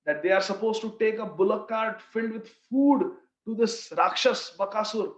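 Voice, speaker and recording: Man, devotional storytelling class, animated and expressive, echoey room, dull recording. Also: high voice. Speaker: scripture class teacher. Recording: roomy, slightly dull recording.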